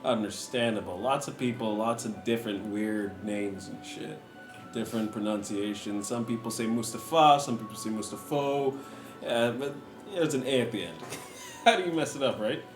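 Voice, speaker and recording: A man playing a tabletop game, joking and excitable in casual banter. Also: fairly low pitch, moderate pace. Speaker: player. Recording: echoey room with faint music.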